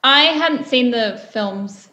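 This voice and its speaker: A woman's voice: fairly high pitch, expressive, slow, pushed and bright. A young woman, an actress chatting thoughtfully in an interview with many fillers. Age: young adult. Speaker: actress guest. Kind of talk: casual interview chat. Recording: roomy echo.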